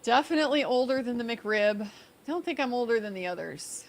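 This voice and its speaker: A woman hosting her own livestream, relaxed and chatty as she reads and answers viewer questions. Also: a little high, fairly quick. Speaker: co-streamer, livestream host. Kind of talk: casual livestream chat.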